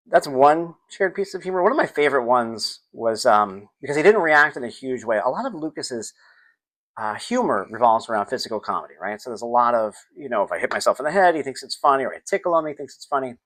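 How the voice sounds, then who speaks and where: A middle-aged man hosting a casual solo podcast, telling stories about his son and acting out the scenes. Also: medium pitch. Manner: animated, acts out scenes, sings snippets. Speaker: podcast host.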